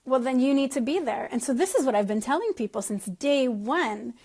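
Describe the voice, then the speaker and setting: A woman's voice: high voice, expressive, brisk, a little mellow. A middle-aged woman leading her sales team on a casual call, chatty and self-deprecating, laughing often. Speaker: network marketing team leader.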